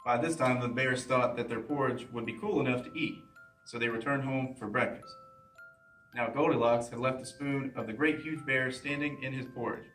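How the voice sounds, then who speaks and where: A man's voice: mid-range voice, normal speed, faint music behind. Man reading a bedtime story, echoing room. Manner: plain, steady reading with small slips. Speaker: police officer reading to children. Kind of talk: bedtime story read aloud. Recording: roomy echo, mic at a distance.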